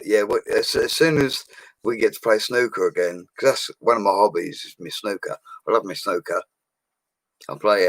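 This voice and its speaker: A man's voice: low-pitched, a bit bright, no room sound. A man chatting casually on a live stream, upbeat and slangy, laughing often as he reads viewer comments. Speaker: livestream host reading viewer comments. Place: home studio.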